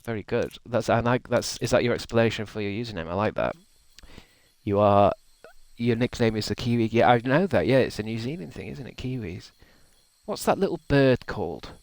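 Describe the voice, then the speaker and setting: A man's voice: fairly low pitch, lively intonation, a little fast, a little mellow, no echo, poor audio. A man, streaming a game and chatting casually with viewers in a rambling way, laughing often. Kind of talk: casual gaming livestream chat.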